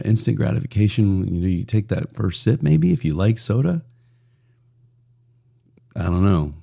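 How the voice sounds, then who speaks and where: A man's voice: sits low, vocal fry, warm tone. A man hosting a solo podcast in a casual, blunt and profane way, rambling with frequent restarts. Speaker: podcast host.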